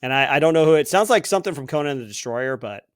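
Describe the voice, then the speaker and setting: A man co-hosting a podcast, guessing movie quotes and recounting scenes with quick laughs. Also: medium pitch, expressive, dry recording, clean studio sound. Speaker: podcast co-host, quiz contestant. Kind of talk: casual chat.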